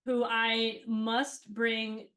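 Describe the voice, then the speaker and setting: A woman's voice: fairly high pitch, monotone, extremely slow, fairly bright tone. A woman interviewed as a cast member, telling rambling stories in casual chat with many fillers.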